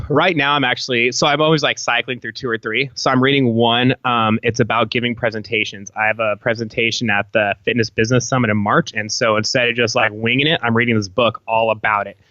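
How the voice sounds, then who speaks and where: A man's voice: medium pitch, steady tone, fairly quick, pushed and bright, no room sound. Laid-back rambling man, muffled audio. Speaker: podcast guest, apparel company founder. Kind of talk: casual podcast chat.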